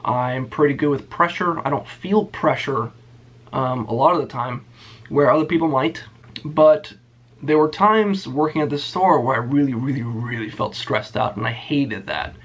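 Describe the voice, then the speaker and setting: In a husky, mid-range voice that's slightly bright, a young YouTuber tells a story about a past job at a moderate pace. The rant is blunt and sarcastic, and he curses often.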